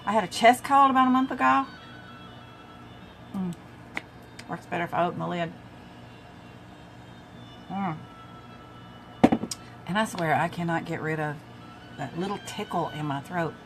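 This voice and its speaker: A woman's voice: fairly low pitch, measured pace, vocal fry, pauses often, music in the background. An older woman chatting casually through a makeup tutorial, talking to her viewers as she works and now and then coughing from a tickle in her throat. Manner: chatty, talks to viewers while applying makeup. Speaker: makeup vlogger.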